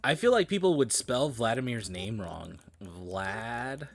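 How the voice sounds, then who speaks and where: Male game streamer, tired, mumbling, lively pitch, faint music behind. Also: moderate pace, creaky. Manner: muttering, swears casually, drifts between loud and quiet. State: tired, yawning. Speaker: gaming streamer. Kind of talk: casual game commentary.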